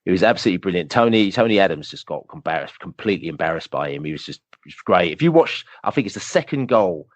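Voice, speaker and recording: A man, a podcast guest telling animated, rambling football fan stories full of fillers. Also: sits low, fast, no room sound. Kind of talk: casual storytelling interview.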